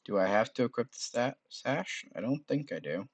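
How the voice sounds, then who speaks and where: A man's voice: mid-range voice, animated, moderate pace, breathy edge, no echo. A man casually playing through a browser game, reading its text aloud and muttering to himself. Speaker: game streamer. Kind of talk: let's play with read-aloud game text.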